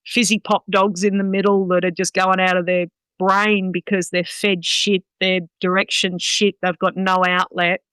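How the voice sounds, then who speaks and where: A middle-aged woman, a dog trainer chatting as a podcast guest, frank, quick to laugh and swearing freely. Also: medium pitch, a bit bright, clean tone, no echo, rough recording. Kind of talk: casual podcast chat.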